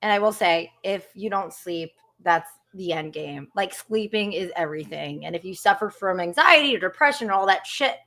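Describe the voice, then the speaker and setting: A woman's voice: fairly low pitch, expressive, moderate pace, few pauses, sharp tone. A woman in her thirties, a guest on a live call-in show, talking in a heated, profane rant. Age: 30s. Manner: fired up, ranting with profanity. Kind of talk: heated live-stream chat.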